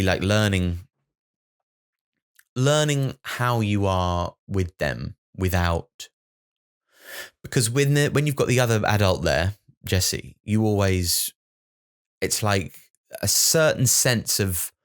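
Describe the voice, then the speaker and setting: A man hosting his own podcast, rambling through a sweary, self-mocking comic monologue. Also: sits low. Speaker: comedian podcast host.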